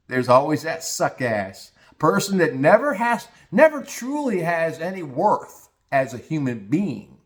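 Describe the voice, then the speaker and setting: Brief: middle-aged male podcast host, blunt and crude, rambling storyteller. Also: a little high. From United States. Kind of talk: casual storytelling monologue.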